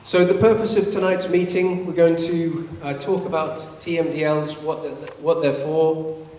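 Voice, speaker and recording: A man giving a public lecture, explaining in a measured way with touches of dry humor. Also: fairly high pitch, little pitch movement, a little mellow. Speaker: guest presenter, scientist. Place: large public meeting hall. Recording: echoey hall from far off, faint hum.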